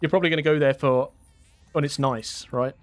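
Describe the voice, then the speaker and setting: A young man from England talks casually through a live game stream. His voice sits a little high for a man. He rambles in a friendly way, laughs often and reads his chat aloud. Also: steady tone, a little fast. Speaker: gaming streamer.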